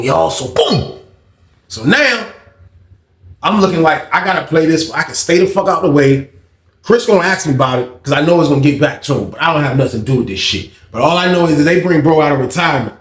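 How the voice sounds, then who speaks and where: A man telling a story in a casual, animated way, full of slang, dropping to a hush for the tense parts. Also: fairly high pitch, fairly quick. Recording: echoey room.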